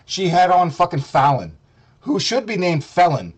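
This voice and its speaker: A man's voice: high-pitched, sing-song, moderate pace, darkish tone, husky. A man streaming a profane, mocking rant, heated and sarcastic. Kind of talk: ranting commentary.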